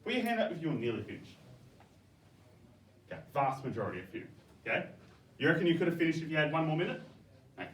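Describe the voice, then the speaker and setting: A male teacher, giving classroom feedback in a coaxing, brisk way, often checking "okay?". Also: a little high, lively intonation. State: out of breath. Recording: echoey classroom, from far off, faint background noise.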